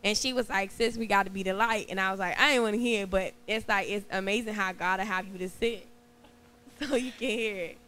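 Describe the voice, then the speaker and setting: A woman's voice: mid-range voice, fairly quick, pushed and bright, a little hiss or hum. A woman from the congregation sharing a testimony in a casual, conversational way, with light laughter. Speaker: congregation member.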